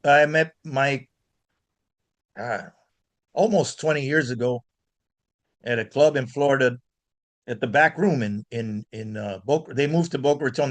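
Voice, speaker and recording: A man from Miami, a guest blues guitarist, telling animated stories in an interview with frequent restarts. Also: medium pitch. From Miami, United States. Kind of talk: storytelling in an interview.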